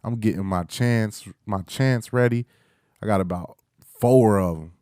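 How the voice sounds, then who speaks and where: Host, young man, lowish voice, dry close sound, excitable and teasing, casual sports rant. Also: unhurried, clear, resonant tone, no echo. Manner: hyped, playful trash talk with chants. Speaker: podcast host. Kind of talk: casual solo sports talk.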